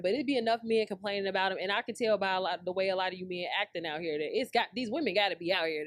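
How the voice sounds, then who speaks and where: A woman hosts a pop-culture talk show, ranting in blunt, profane bursts. Her voice sits at an ordinary middle pitch. The sound is dry and close, with no room around it. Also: no room sound. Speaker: podcast host. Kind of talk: casual pop-culture commentary.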